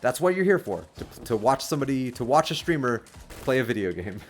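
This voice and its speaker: A man streaming a video game, chatting casually with lots of fillers and sudden excited outbursts. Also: medium pitch, brisk, slight background noise. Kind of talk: casual livestream commentary. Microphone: desk microphone.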